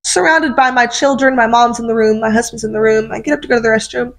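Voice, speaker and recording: High-voiced woman giving an earnest testimony. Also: steady tone, quick pace. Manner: earnest, emotional storytelling with fillers. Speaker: minister. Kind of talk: testimony sermon.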